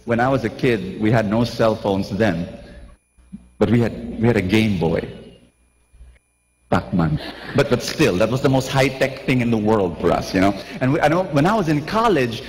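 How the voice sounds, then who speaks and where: A man in his forties preaching a lively sermon, asking his listeners questions and acting out scenes. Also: on the low side, moderate pace. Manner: lively, asks the crowd questions, acts out scenes. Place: large church. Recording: long church reverb.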